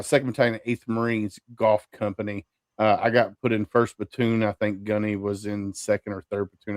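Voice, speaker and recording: A man's voice: fairly low pitch, dry recording. A man, telling his story as a podcast guest in an easygoing way. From Kentucky, US. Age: 40s. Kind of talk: casual interview.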